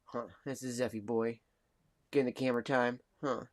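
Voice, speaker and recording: A man hosting a casual live stream, cooing affectionate baby talk and soft murmurs. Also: mid-range voice, flat delivery, moderate pace, no echo. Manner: coos affectionate baby talk at a pet cat; soft-spoken, drifting between murmurs and bright calls.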